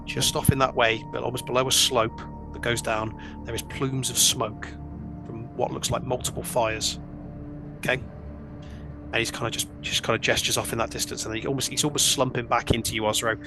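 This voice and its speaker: A man running a tabletop game as dungeon master, narrating scenes in an unhurried, descriptive way. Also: mid-range voice, level tone, music in the background.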